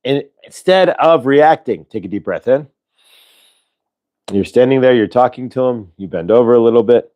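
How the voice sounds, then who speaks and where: A man hosting a show, talking listeners through a breathing exercise in a relaxed, rambling way, with lots of fillers and audible sighs. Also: medium pitch, normal speed, muffled recording. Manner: sighs audibly between instructions. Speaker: host leading a breathing exercise. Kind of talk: casual spoken guidance.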